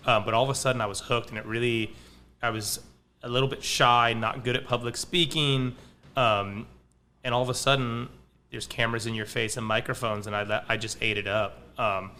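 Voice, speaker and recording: A man's voice: medium pitch, fairly even intonation, normal speed, sharp tone, a little hiss or hum. A man who owns a pizza restaurant, talking casually as a podcast guest in a rambling way, full of restarts and fillers. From Palo Alto, California. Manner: rambling, frequent likes and restarts.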